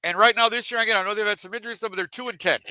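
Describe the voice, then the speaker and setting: High bright-voiced sports podcast host. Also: male voice, steady tone, very fast, smooth, no room sound, poor audio. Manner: chatty, leads the discussion. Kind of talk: casual sports talk.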